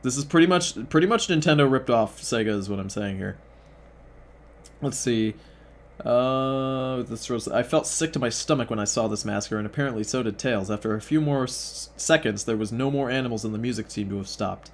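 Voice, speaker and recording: A man's voice: medium pitch, a little fast. A young man reading fan fiction aloud as host, breaking off for sarcastic, profane asides that mock the text.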